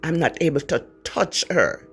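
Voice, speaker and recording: A man with a Jamaican accent telling a ghost story in a casual, animated way, often repeating words. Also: a little high, measured pace, breathy edge, faint music behind.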